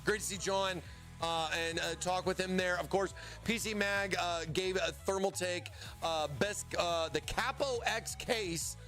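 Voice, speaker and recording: High-voiced rambling male stream host. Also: a little slow, a bit bright, faint music behind. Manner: rambling, stammers and repeats words. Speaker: livestream host. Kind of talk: casual product livestream chat.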